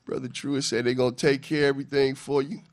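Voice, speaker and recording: A man's voice: mid-range voice, level tone, fast. A man hosting a local TV talk show, chatting in an upbeat, folksy way and plugging community work.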